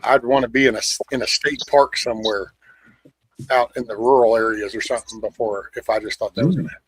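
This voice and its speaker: A man's voice: mid-range voice, steady tone, fast talker, husky, rough recording. A man hosting a casual chat, talking bluntly and rambling with plenty of swearing. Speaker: show host.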